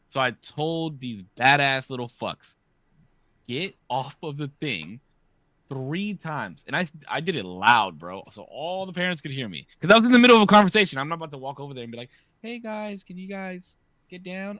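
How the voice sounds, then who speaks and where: A man in his thirties hosting a podcast, telling stories in a casual, profane, animated way. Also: a little high, no room sound, clean studio sound. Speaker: podcast host. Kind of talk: casual chat.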